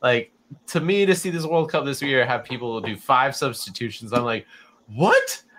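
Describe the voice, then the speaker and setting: A man co-hosting a live-streamed chat show, arguing his point in an animated way and laughing as he talks. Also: mid-range voice, normal speed, a little hiss or hum. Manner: animated, argumentative, laughs while talking. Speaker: podcast co-host. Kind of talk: casual debate chat.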